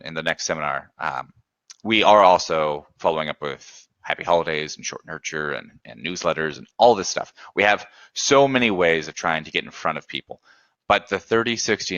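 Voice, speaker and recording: Deep, bright-voiced man on a webinar. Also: no room sound, dull audio. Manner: conversational, acts out sample client emails. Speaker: webinar presenter. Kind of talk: webinar explanation.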